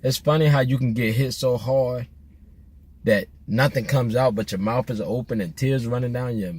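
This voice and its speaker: A middle-aged man, talking in a car. His voice is husky and a little breathy, and his pitch sits in a plain middle range. He tells stories in a laid-back, rambling way, with jokes, slang and restarts. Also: normal speed, darkish tone. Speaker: vlogger. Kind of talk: casual storytelling while driving.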